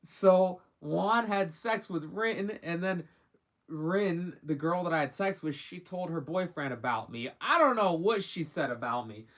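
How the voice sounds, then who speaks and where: A man's voice: sits high, animated, unhurried, a bit bright. A young man telling a rambling, slang-heavy story from his own life in a casual storytime monologue, cursing freely as he goes. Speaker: vlogger.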